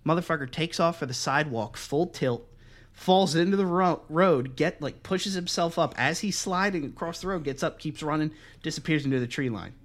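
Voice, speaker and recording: A man's voice: on the high side, normal speed. Young man telling profane stories. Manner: profane, animated, acts out quotes in other voices. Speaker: podcast host. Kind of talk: casual storytelling chat.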